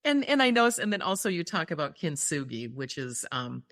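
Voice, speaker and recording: A woman's voice: sits low, sing-song, brisk, fairly bright tone. A woman hosting an interview podcast, reacting with emotion and effusive praise as she talks with her guest. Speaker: podcast host. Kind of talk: interview conversation.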